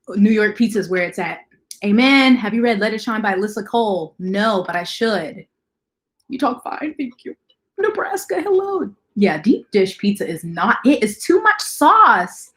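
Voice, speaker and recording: A woman hosting a casual livestream, talking fast and chatting with viewers as she greets them. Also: medium pitch, sing-song, a bit bright. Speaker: livestream host.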